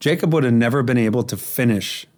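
A man, a firefighter author, telling stories in an interview with lively acted quotes and laughs. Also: medium pitch, quick pace. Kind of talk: storytelling interview.

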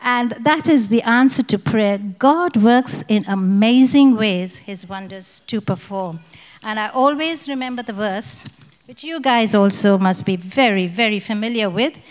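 A woman's voice: mid-range voice, unhurried, in a large hall, rough recording. A woman from India, giving a spoken personal testimony at a prayer conference and acting out the dialogue as she tells it. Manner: vivid storytelling, acting out the dialogue.

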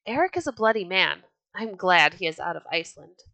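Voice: mid-range voice, sing-song, a little fast, gravelly, sharp tone, no room sound, full character voice. A woman voicing a disapproving villager in a storybook reading. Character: disapproving villager glad to see a brawler gone.

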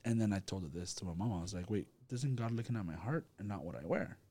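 Animated man telling a church story. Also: on the low side. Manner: animated storytelling with quick repeated restarts. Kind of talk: casual church group discussion.

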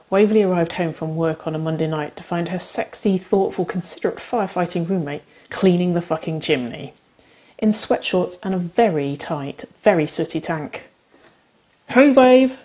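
A woman's voice: on the low side, mellow. A woman narrating a romance story aloud, giving the characters' lines light acted shifts. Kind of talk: audiobook-style fiction reading.

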